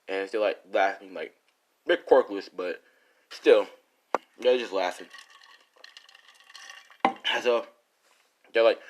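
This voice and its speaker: A man with a fairly low voice improvises a fan story out loud in a loose, casual way. He rambles, backtracks and corrects his own details as he goes. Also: measured pace, long pauses.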